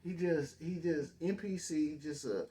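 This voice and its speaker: A man's voice: a little high, measured pace, dark tone. A man giving casual reaction commentary on a debate clip, blunt, slangy and profane, talking over the clip.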